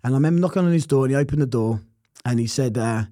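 A man's voice: mid-range voice, quick pace, mellow, no echo, clean studio sound. A man telling his personal testimony in an interview, earnest and reflective. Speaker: interview guest.

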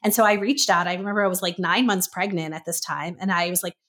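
A woman's voice: fairly low pitch, quick pace. A woman guest on an interview podcast, telling a personal story in a casual way and acting out the voices of the people she quotes. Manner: lively storyteller who acts out quoted voices.

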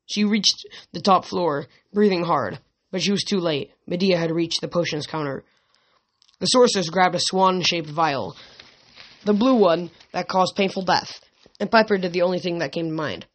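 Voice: mid-range voice, moderate pace. A narrator reading a fantasy novel aloud, with occasional slips and restarts. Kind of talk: amateur audiobook reading.

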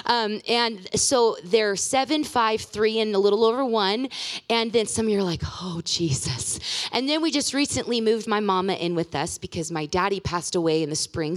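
A woman in her thirties from the Pacific Northwest, a guest speaker giving a sermon in a church, telling chatty personal stories with animated, self-deprecating humor. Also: mid-range voice. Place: church sanctuary.

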